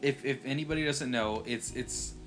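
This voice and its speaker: Casual male podcast co-host, foul-mouthed storyteller, mid-pitched, faint music behind. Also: normal speed, a bit bright. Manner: swears freely, acts out his own reactions in story. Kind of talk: casual chat.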